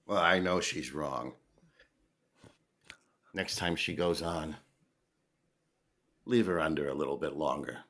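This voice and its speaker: Very deep-voiced man, dry and slow. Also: a bit bright.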